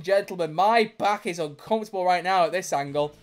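A streamer giving excitable live commentary on a drawing game, swearing freely and breaking into loud laughter. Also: mid-range voice, a little fast, few pauses.

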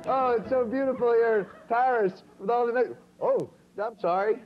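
A man's voice: extremely high pitch, normal speed, few pauses. A man hosting a comedy show, playing a wisecracking, over-the-top tourist in a sketch. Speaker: comedy talk show host. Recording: dull lo-fi TV audio with music and audience.

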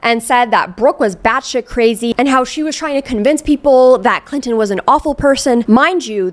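Chatty young woman recapping internet drama. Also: a little high. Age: young adult. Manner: chatty, many "like" fillers, quotes people in voices. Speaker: commentary youtuber. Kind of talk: casual commentary on online drama.

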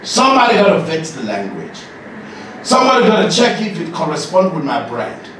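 A man giving an animated, joking masterclass as a leadership coach, often laughing and shouting. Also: fairly high pitch, a little fast. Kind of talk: lively masterclass talk to an audience. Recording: echoey hall, distant mic, noisy.

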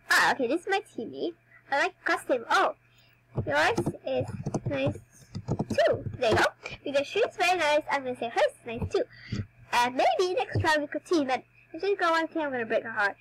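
A woman's voice: high-pitched, big pitch swings, normal speed, a bit bright, low-quality recording. A young woman chatting casually while playing a dance game for her channel, a bit under the weather. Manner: chatty, giggly, self-mocking. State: slightly sick, coughing. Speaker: gaming YouTuber.

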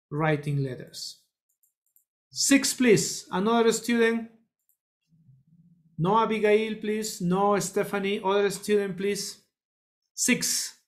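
A teacher leads a children's English lesson in a classroom. The pace is unhurried and deliberate, with key phrases drilled again and again. Students are called on one by one to answer. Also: medium pitch. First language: Spanish. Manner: slow, repetitive drilling, calls on students.

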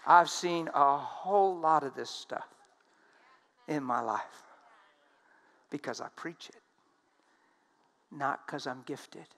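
A man preaching a sermon, telling stories emphatically and swinging between loud and hushed speech. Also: a little high, slight background noise.

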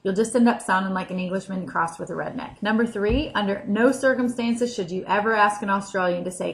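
A woman's voice: medium pitch, fairly quick, hardly any pauses, low-quality recording. An American woman with an American accent, delivering a scripted comic vlog list with dry, sarcastic asides. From United States. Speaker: vlogger.

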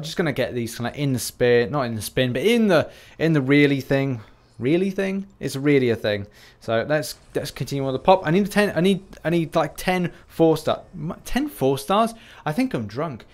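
A man's voice: medium pitch, a little fast, a little mellow. Rambling British man chatting over gameplay. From United Kingdom. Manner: rambling, self-deprecating, jokey. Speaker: gaming YouTuber. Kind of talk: casual commentary over game footage.

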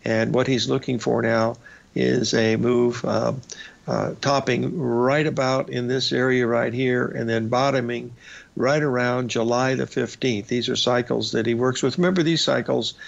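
A male radio host giving casual market commentary over charts, folksy and rambling, with a raspy voice and lots of "uh" and "folks". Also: mid-range voice, steady tone, moderate pace. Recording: slightly dull lo-fi broadcast audio.

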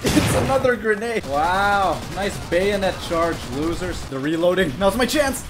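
A young man commentating his video game playthrough, joking and sarcastic and breaking into sudden shouts. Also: sits high, expressive, unhurried. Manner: jokey, sarcastic, bursts into shouts. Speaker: gaming YouTuber. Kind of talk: gameplay commentary. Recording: clear music playing behind.

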